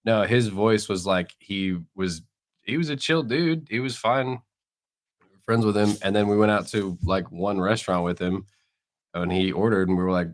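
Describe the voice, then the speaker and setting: This deep-voiced man speaks briskly as he co-hosts a podcast. He's still getting over an illness, and his casual chat wanders through stories packed with fillers and frequent laughter.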